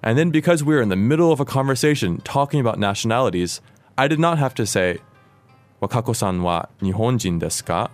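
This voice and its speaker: A man's voice: medium pitch, lively intonation, a little fast, faint music behind. An American man who speaks English natively, hosting a language lesson and patiently explaining Japanese grammar. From United States. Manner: patient, clear explanatory teaching. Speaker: language course host.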